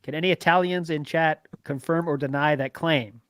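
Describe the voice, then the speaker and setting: A man hosts a relaxed livestream podcast and reads out chat messages and tips. He laughs easily and rambles a little. His voice is dry and close to the mic. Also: a little high, normal speed, smooth, no room sound. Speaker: host.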